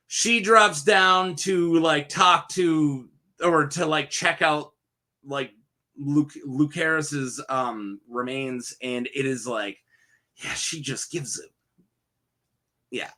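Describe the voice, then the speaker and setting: A man's voice: fairly high pitch, animated, takes it slowly, pushed and bright. A young man casually reviewing a TV episode on his own, rambling and jokey, laughing often at his own asides. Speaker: show reviewer. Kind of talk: casual solo review chat.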